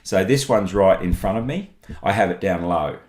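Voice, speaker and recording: A man reviewing microphones in a casual product walkthrough, chatty and relaxed, thinking aloud as he shows each one. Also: deep voice, normal speed.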